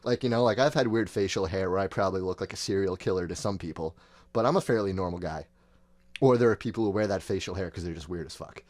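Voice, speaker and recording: A man's voice: low voice, fast, no echo. A man in his thirties telling a long personal story in a casual, rambling way, often acting out what people said. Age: 30s. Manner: rambling, animated retelling with quoted voices. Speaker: podcast host.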